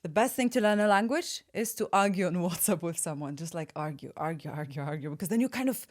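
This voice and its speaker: A woman hosting a casual interview, playful and quick with her questions, laughing along with the guest. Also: on the low side, expressive. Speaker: podcast host.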